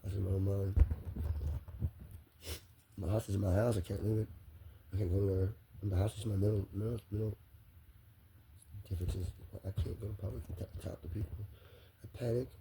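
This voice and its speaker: A man's voice: fairly low pitch, steady tone, brisk, vocal fry, pauses often, noisy background. A man talking straight to the camera in a rambling personal monologue, circling back on the same phrases again and again.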